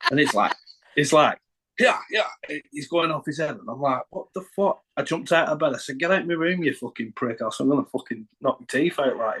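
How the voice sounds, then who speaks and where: A man's voice: mid-range voice, breathy edge, poor audio. A middle-aged man with a Northern English accent telling a rambling, sweary story as a podcast guest. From Northern England. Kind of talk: casual anecdote telling.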